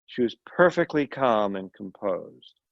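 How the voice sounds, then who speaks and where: A man's voice: fairly low pitch, lively intonation, a little slow, gravelly, no echo. Male volunteer reader, story reading, small slips, dry close sound, muffled audio. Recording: dull lo-fi recording.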